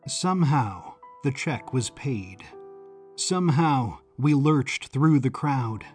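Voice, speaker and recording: A man's voice: medium pitch, lively intonation, takes it slowly, darkish tone, faint music behind. A man narrating an audio drama in the first person, brooding and confessional.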